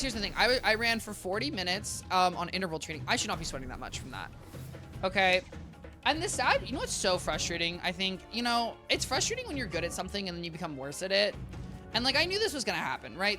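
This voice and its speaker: A young adult game streamer in casual gameplay commentary, rambling and chatting to viewers with lots of filler. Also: medium pitch. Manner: rambling, talks to chat, heavy use of "like" and "guys".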